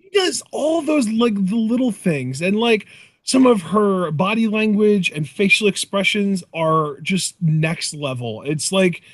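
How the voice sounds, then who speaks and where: A man's voice: high-pitched, animated, unhurried, no room sound. A young man co-hosting a casual wrestling review chat, enthusiastic and rambling, often restarting his sentences. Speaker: podcast co-host.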